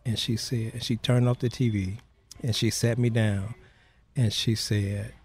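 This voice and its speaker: A man speaks as an interview guest, walking through a personal story in a low, mellow voice. He talks in a halting way, leaning on "you know" between phrases. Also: level tone, breathy edge.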